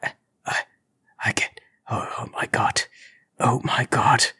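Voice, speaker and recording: A man voicing a frightened, trembling male intruder who stammers in a breathy whisper. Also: medium pitch, moderate pace, a bit bright. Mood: shaken.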